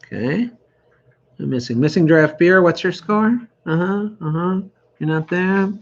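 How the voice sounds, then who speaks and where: On a muffled recording, a middle-aged trivia host runs an online quiz night, working through questions and answers and trading jokes with dry, teasing wit. His voice sits high and moves a little slowly.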